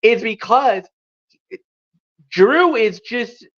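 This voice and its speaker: A woman co-hosting a talk podcast, chatting excitedly and often restarting her sentences. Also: fairly high pitch, very slow, highs cut off. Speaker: podcast co-host. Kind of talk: casual chat.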